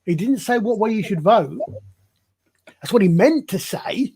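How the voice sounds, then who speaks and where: A man with a high voice talks in a casual panel chat. He presses the same point again and again, stumbling through false starts. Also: lively intonation, measured pace, a little mellow, breathy edge. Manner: insistent, repeats himself with many restarts.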